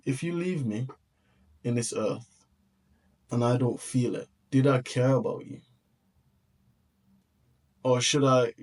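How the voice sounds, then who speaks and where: A man's voice: mid-range voice, a little mellow. A man hosting a reaction video, speaking in a heartfelt, reflective way, often restarting his sentences.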